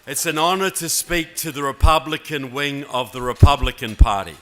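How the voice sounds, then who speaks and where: A man's voice: medium pitch, normal speed. A man in his fifties from New Zealand with a New Zealand accent, giving a keynote speech at a political convention and often checking in with the crowd. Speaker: keynote speaker. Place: large conference hall. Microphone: handheld or podium mic.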